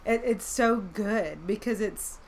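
A woman's voice: mid-range voice, slow pace, darkish tone, slight background noise. A woman hosting a casual faith conversation, enthusiastic and affirming, with many "likes" in her speech. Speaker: podcast host.

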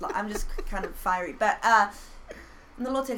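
A woman who has been a pastor, telling personal faith stories in an earnest, animated way with playful self-mockery. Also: medium pitch, fairly quick, a little hiss or hum, low-quality recording. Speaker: pastor and podcast guest. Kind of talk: casual faith conversation.

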